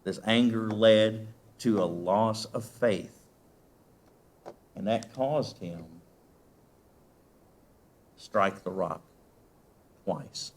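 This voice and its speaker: A male preacher delivering a sermon. He asks the congregation questions and swings from loud emphasis to very soft, quiet lines. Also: fairly low pitch, drawn-out words, long pauses.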